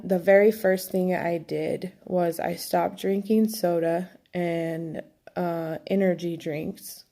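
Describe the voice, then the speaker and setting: A young woman speaks candidly to her viewers in a personal vlog, pausing and restarting as she thinks aloud. Her voice sits low and carries a gravelly edge. The tone is mellow and fairly flat. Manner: candid, reflective, halting with many fillers. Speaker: vlogger. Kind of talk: personal vlog talking to camera.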